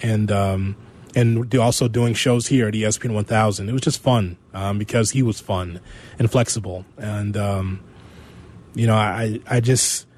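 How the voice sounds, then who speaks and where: A man's voice: on the low side, fairly even intonation, moderate pace, a little mellow. A male radio host, reminiscing in loose, rambling talk about a friend. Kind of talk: casual sports radio chat.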